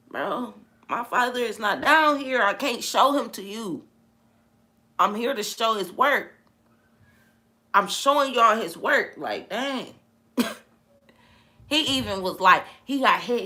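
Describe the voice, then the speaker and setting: A woman in a casual vlog, talking emphatically about faith in an animated, preachy way. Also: medium pitch, takes it slowly, pauses often. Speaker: vlogger.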